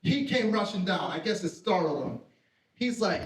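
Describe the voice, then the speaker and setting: A high-voiced man does stand-up from a theater stage, brash and profane, mocking himself in his punchlines. His voice rings in a roomy hall. The mic sits at some distance, so he sounds a little far off. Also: expressive, moderate pace. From Puerto Rican family. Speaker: stand-up comedian. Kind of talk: live stand-up set. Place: theater stage with live audience.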